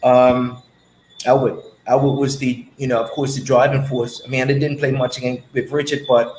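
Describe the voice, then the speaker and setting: A man who used to play cricket, reminiscing in a relaxed, drawn-out way and often saying "man". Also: mid-range voice, roomy sound, a little hiss or hum, low-quality recording. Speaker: former cricketer. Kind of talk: casual reminiscing chat.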